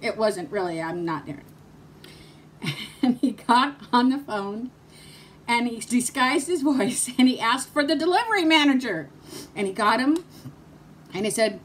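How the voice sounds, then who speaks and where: A woman's voice: on the high side, animated, unhurried, pauses often, a little hiss or hum. A woman vlogger talking casually to her viewers, telling stories and laughing often as she goes. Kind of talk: casual chat vlog with storytelling.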